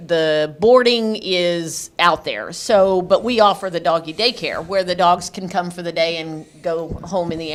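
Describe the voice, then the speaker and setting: A woman, a guest on a morning radio show, talking in an easygoing, friendly way about her kennel business. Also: fairly low pitch. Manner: friendly, easygoing, a bit self-deprecating. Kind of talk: casual radio interview. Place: radio studio.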